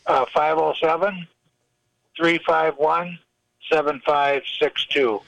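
A man with a Minnesotan accent calls a radio show over a phone line, speaking plainly and haltingly. His voice is gravelly and a touch high. The line sounds dry. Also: steady tone, fairly bright tone, dry recording. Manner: halting, plain-spoken, many uhs. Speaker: caller.

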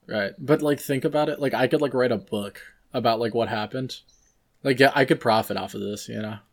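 A young man co-hosting a casual podcast, musing out loud with lots of fillers. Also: mid-range voice, brisk, vocal fry. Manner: rambling, filler-heavy, musing. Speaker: podcast co-host. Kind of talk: casual chat.

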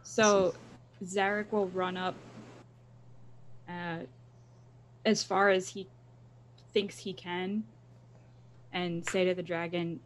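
A woman's voice: on the low side, flat delivery, takes it slowly, long pauses, poor audio. A woman playing a tabletop game, casually describing her character's actions. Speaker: player. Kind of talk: casual chat.

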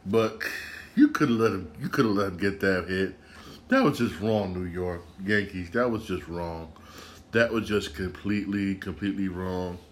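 A man's voice: deep voice, lively intonation, normal speed, slight background noise. A man hosting a casual solo sports podcast, rambling and repeating himself, with bursts of ranting.

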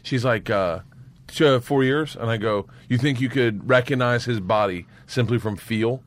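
A man, a guest comedian, telling profane stage anecdotes and breaking into high bursts of laughter. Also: normal speed, slight background noise. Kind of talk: storytelling anecdotes.

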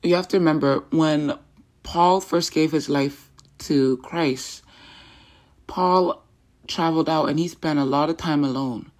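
A woman hosting a faith podcast, talking in an earnest, chatty way with casual slang and quick asides. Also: low-pitched, darkish tone. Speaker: podcast host. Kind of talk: casual devotional podcast talk.

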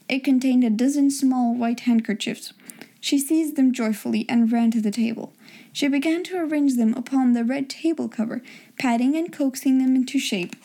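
A woman narrating a storybook in a gentle, measured reading voice. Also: sits high. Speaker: audiobook narrator.

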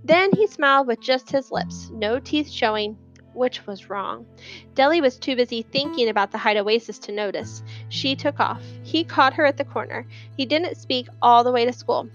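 A woman narrating an audiobook in an expressive storytelling manner. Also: a little high, moderate pace, muffled recording, soft background music. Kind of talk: scripted narration.

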